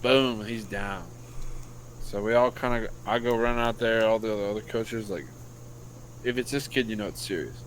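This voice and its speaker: A man's voice: fairly low pitch, moderate pace, a little hiss or hum, low-quality recording. An American man, a podcast co-host and youth football coach, telling a story loosely and profanely in casual chat.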